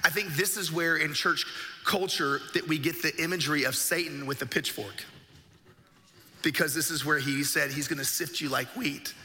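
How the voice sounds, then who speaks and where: A man's voice: on the high side, fairly even intonation, moderate pace, sharp tone. A man preaching a sermon as a pastor, telling a story vividly and with emphasis. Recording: echoey hall with faint music.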